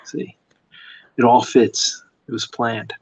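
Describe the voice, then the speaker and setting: A man's voice: lowish voice, moderate pace, gravelly, slight background noise, low-quality recording. A man, a comic artist, chatting casually and telling rambling stories while he draws late at night. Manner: rambling storyteller, lots of fillers. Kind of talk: casual chat while drawing.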